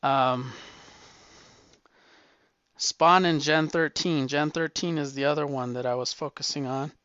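A man's voice: on the high side, steady tone, a little slow, fairly bright tone, clear, resonant tone, no room sound, highs cut off. A man hosting his own show, rambling casually and eagerly retelling stories with quoted lines. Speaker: comic book podcast host.

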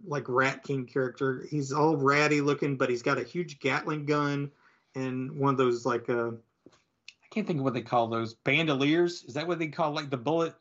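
A man with a middle-pitched voice casually retells a comic book story on a podcast. He rambles, restarts and fills gaps with "uh" and "like". The recording sounds a little dull and lo-fi. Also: a bit bright. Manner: rambling, filler-heavy storytelling. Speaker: podcast co-host. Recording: slightly dull lo-fi audio.

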